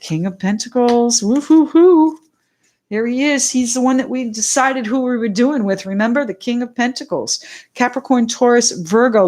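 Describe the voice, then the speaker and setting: A middle-aged woman leads a live tarot reading in an excited, chatty way. She talks straight to her viewers, greets them by name and goes off on tangents. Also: fairly high pitch. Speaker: tarot reader.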